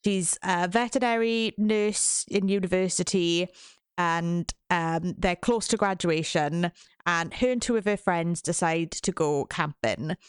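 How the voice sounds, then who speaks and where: A woman's voice: on the low side, measured pace, clear, resonant tone, no echo, studio quality. A woman podcast host recapping a book in casual, chatty talk, swearing freely and saying "like" a lot. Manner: chatty and profane, heavy use of "like". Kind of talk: casual book recommendation chat.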